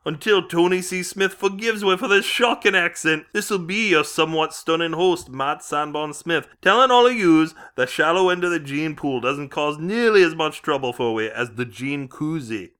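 A podcast host putting on a fake British accent as a teasing, boisterous bloke. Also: male voice, fairly high pitch, expressive, bright, forceful tone, pitched above the performer's own voice. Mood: mock-grumpy. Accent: put-on British accent. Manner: teasing, blustery, rapid asides. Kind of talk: comic put-on accent bit.

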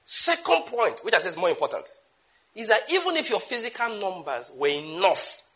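A man with a Nigerian accent preaching a sermon emphatically, with sudden loud bursts and asides in Nigerian Pidgin. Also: high voice, big pitch swings, normal speed.

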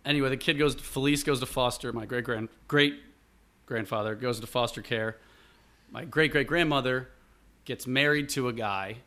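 This guest, a man from Buffalo, New York, rambles happily through a family story in casual conversation, acting out quotes as he goes. His voice is mid-range and his speed normal.

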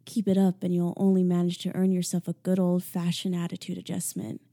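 A woman voicing a smug, dominant young man who speaks slowly and tauntingly. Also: completely flat delivery, mellow, close to an everyday voice. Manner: slow, low, taunting.

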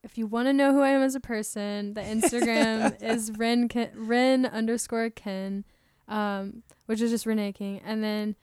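A woman's voice: a little high, little pitch movement, normal speed, darkish tone. A woman chatting casually as a podcast guest, upbeat and earnest, with lots of fillers. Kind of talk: casual interview chat.

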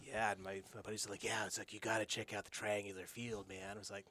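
A man's voice: lowish voice, fast talker. A man, a guest in a studio, telling a long story casually, with many fillers, restarts and quoted voices. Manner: rambling, animated anecdote with many fillers and restarts.

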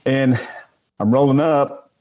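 Rambling older man, dark muffled voice. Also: mid-range voice, fairly even intonation, slow. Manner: rambling, with many fillers and restarts. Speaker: guest, retired police sergeant. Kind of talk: casual interview storytelling.

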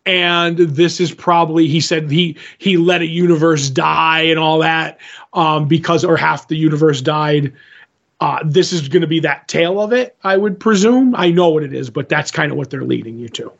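A man's voice: a little high, normal speed, creaky, a bit bright, lo-fi sound. A man co-hosting a podcast, casually recapping a comic with many restarts and loosely acted dialogue. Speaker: podcast co-host.

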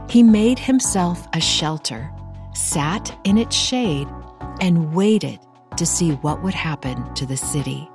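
Woman Bible teacher, middle-aged; unhurried, expressive scripture reading and prayer over faint music. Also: lowish voice. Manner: earnest, expressive reading with call-and-response.

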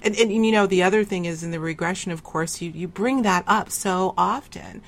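A woman's voice: lowish voice, a little fast. A woman hosting an interview, asking reflective, probing questions. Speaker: host.

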